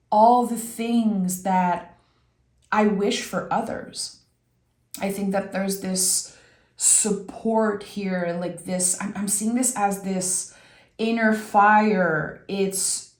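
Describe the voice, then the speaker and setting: A woman from Québec, giving a gentle, reflective tarot reading and often pausing to search for words. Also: medium pitch. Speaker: tarot reader. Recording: roomy echo.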